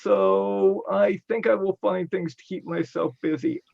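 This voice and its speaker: A man with an upstate New York accent, speaking as a guest on an online panel in a measured, hesitant way, full of fillers. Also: sits high, fairly even intonation, vocal fry, darkish tone. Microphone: video call. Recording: dull lo-fi call audio.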